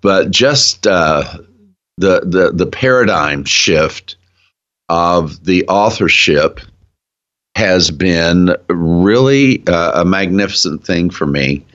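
Deep, slow-talking earnest man. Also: lively intonation, a bit bright, dull audio. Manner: earnest, enthusiastic. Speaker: guest, ministry founder. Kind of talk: casual Bible discussion.

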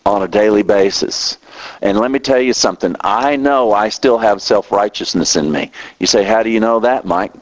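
A middle-aged man preaching a sermon as a minister, talking with growing passion. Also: poor audio. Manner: impassioned, rising in pitch when emotional.

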